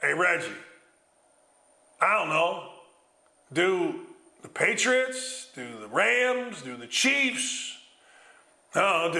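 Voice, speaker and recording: Male sports talk host, blunt fired-up rant, sharp bright tone. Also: high voice, echoey room. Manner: blunt, loud, ranting.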